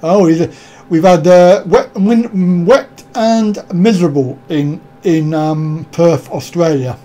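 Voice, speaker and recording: High, mellow-voiced man chatting live. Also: slow pace. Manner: rambling and jokey, greeting viewers by name. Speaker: live stream host. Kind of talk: casual live-stream chat reading viewer comments.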